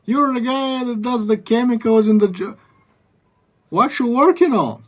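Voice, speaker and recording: Man doing a prying, high folksy federal agent. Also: lively intonation, unhurried, exaggerated voice. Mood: mocking. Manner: sing-song, teasing and nosy.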